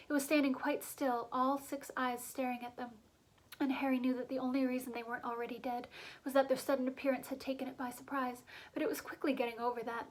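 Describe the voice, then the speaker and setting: A woman narrating a children's fantasy novel aloud in a brisk, lively storytelling manner. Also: high voice, rough recording. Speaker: reader. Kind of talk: audiobook narration.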